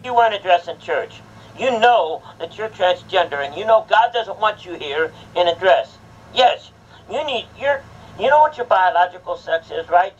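Man, pastor, stern and blunt, lecturing, high voice, muffled audio. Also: lively intonation, normal speed. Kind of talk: confrontational lecture. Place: church. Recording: muffled with faint background noise.

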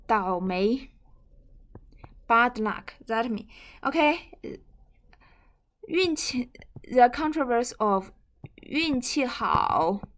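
Woman teacher, native mandarin speaker, slightly high voice, unhurried, repeats each word patiently. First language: Mandarin Chinese. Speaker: Chinese teacher. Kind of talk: bilingual language lesson.

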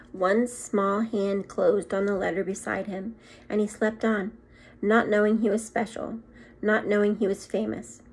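A teacher reads a chapter book aloud to her young students in a gentle, expressive way. Her voice is husky and breathy, at a medium pitch for a woman. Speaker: second grade teacher. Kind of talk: reading a children's book aloud.

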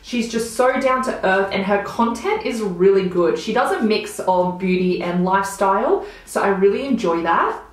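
A young beauty vlogger chats casually to camera while doing her makeup, her mid-range voice expressive and moderately paced. Gushing and bubbly, she trails off into mumbles at phrase ends. The room is very echoey.

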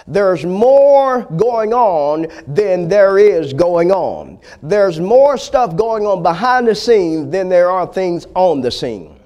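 A man's voice: high-pitched, very animated, takes it slowly, few pauses, darkish tone, highs cut off. A man preaching a sermon as a pastor. He retells the story dramatically and speaks straight to the congregation.

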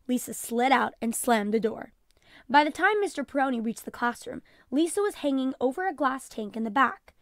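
A woman teacher reading a children's book aloud, clear and expressive, calling out page numbers. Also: sits high, moderate pace, dry recording, studio quality.

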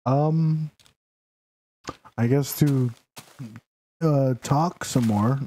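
Slow, mellow-voiced young man streaming games. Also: medium pitch, a little hiss or hum. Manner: rambling, playful, talks to game characters in mock outrage. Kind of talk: casual live game stream. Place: home room, sitting in a noisy chair.

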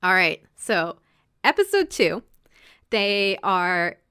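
This podcast host is a woman whose lowish voice swings widely in pitch, with a sharp, clear, resonant tone. She recaps episodes conversationally, slipping into characters' dialogue in quick asides.

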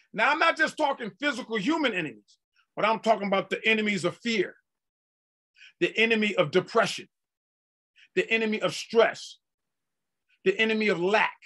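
A man preaching a sermon with fervor, swinging from quiet stretches to loud bursts and repeating words for emphasis. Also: high-pitched. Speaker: apostle preaching.

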